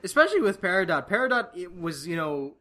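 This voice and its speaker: Bright-voiced young man ranting heatedly. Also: high-pitched, very animated, fast. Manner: heated, swearing, exasperated. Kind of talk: casual ranting chat about a cartoon.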